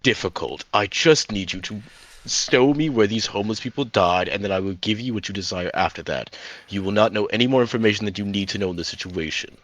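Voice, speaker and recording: A man's voice: fairly low pitch, a little fast, fairly bright tone. A man playing a tabletop game, hesitant at times, pressing and formal in character. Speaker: player. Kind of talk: tabletop role-play, in character.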